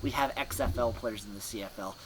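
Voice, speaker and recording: A man's voice: lowish voice, brisk, a bit bright, a little hiss or hum, rough recording. A man hosting a sports podcast, rambling in scattered, clipped fragments and laughing at himself. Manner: scattered, fragmented, self-mocking. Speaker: podcast host.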